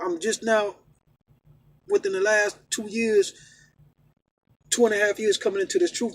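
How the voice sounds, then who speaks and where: Ranting man with a high-pitched voice. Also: slightly rough, rough recording. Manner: emphatic, repetitive, swings from loud rant to low stern preaching. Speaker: vlogger preaching his faith. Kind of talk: casual rant and preaching. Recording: faint background noise.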